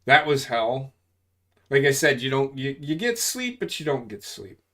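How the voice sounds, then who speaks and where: A man's voice: medium pitch, unhurried. A man in his forties, an army veteran, telling service stories in a casual chat, swearing often and rambling through his tales. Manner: profane, rambling, animated when telling stories.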